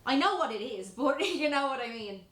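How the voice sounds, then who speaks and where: An Irish woman hosting a podcast, chatting and telling stories in an animated way. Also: high-pitched, fairly quick. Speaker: podcast host, lash artist. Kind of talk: casual chat. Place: room in a lash salon. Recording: roomy echo.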